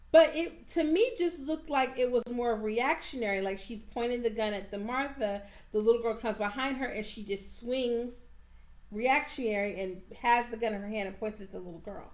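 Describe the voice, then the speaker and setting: A woman recapping a TV episode in casual chat, animated and sassy, acting out the characters as she goes. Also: fairly high pitch, lo-fi sound. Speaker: TV recap reviewer. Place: at home, handheld camera.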